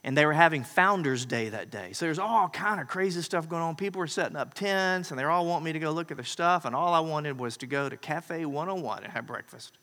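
A man preaching a sermon as pastor, swinging between emphatic loud declarations and quiet, close asides. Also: fairly high pitch, animated, fairly quick, few pauses. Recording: preacher in a large reverberant hall.

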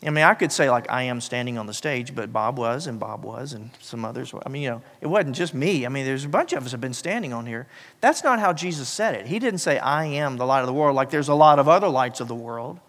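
A man preaching a sermon as pastor, swinging from loud emphatic passages to hushed, low, slow lines. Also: expressive. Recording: long hall reverb.

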